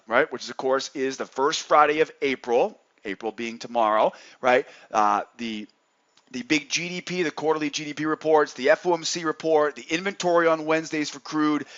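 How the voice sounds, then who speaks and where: A man's voice: a little high, a bit bright, muffled recording. A man hosting a nightly trading newsletter, talking through market commentary in an upbeat, chatty way and often adding "right?".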